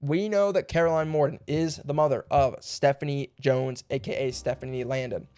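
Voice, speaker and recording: A man's voice: medium pitch, steady tone, normal speed, a little mellow, smooth, dry recording, clean studio sound. A young man streaming a puzzle game, thinking aloud in a rambling way and laughing now and then. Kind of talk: casual puzzle game livestream.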